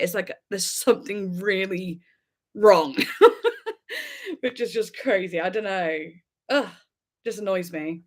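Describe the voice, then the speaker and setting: A woman's voice: mid-range voice, sing-song, measured pace, long pauses. Bubbly English woman chatting on a livestream. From Devon, England. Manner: bubbly, rambling, many "like"s, giggly. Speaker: livestream host. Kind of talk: casual livestream chat.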